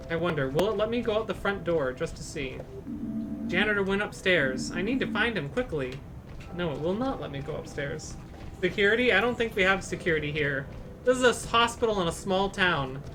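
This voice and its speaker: A woman chatting casually as she plays a game, making dry, low-key asides. Her voice moves lively up and down, and game music plays clearly behind her. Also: brisk. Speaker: game streamer. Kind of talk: casual gameplay commentary.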